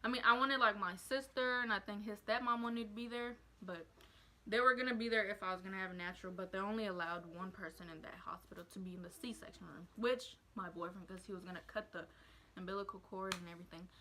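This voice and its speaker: A woman's voice: mid-range voice, fairly even intonation, fast talker, pushed and bright, slight background noise, poor audio. A young adult woman vlogger telling her birth story in a casual, emotional, rambling way with lots of fillers.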